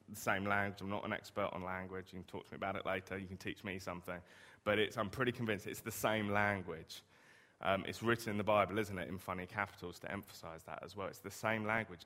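In a hall with long reverb, a man preaches a sermon in a conversational style, frequently asking rhetorical questions. His voice sits fairly low with a fairly bright tone.

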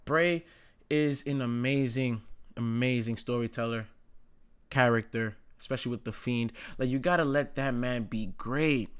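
A man's voice: mid-range voice, a little slow, clear, resonant tone. Rambling, slangy man ranting casually. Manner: rambling and opinionated, heavy on "like" and slang, swears. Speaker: wrestling commentary host. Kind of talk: casual chat.

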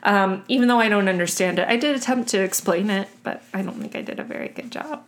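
A woman's voice: medium pitch, fast. A woman from the United States co-hosting a podcast in casual chat, wry and self-deprecating. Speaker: podcast co-host.

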